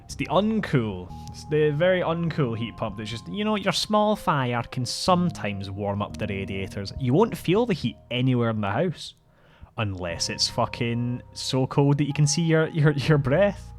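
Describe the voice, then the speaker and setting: A man's voice: medium pitch, very animated, moderate pace, soft background music. A man hosting his own podcast, telling rambling, profane, wry stories in a casual way. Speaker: podcast host. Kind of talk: casual solo storytelling.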